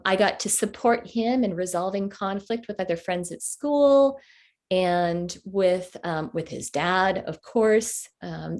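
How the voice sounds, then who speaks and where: A woman in her forties, presenting a workshop over a video call, tells a personal story to the online group. Her voice is lowish with a darkish tone, and she speaks with halting, heartfelt pauses and fillers.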